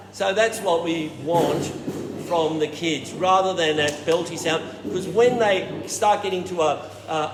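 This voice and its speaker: A man leads a choir warm-up, and his speaking voice moves up and down a lot. He keeps breaking off to show the sound with hums and falsetto notes. The recording comes from a roomy hall with a long tail of reverb and audible background noise. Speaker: choir director.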